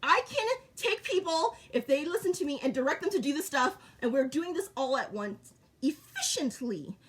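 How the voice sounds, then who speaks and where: A woman's voice: sits high, expressive, moderate pace, a bit bright. A middle-aged woman vlogging in short, repetitive, blunt sentences. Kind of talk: casual monologue to camera.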